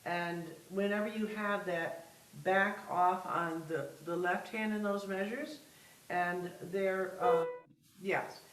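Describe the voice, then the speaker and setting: A woman's voice: lowish voice, fairly even intonation, takes it slowly, recorded from a distance. Patient woman music teacher, roomy sound. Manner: patient, gives step-by-step instructions. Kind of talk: masterclass coaching.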